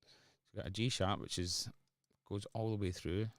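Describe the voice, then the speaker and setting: A man's voice: on the low side, steady tone, moderate pace, no echo, clean studio sound. A man with a Glasgow-area Scottish accent, chatting casually and joking with viewers while producing music on a livestream. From Scotland. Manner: joking banter with chat, rambling.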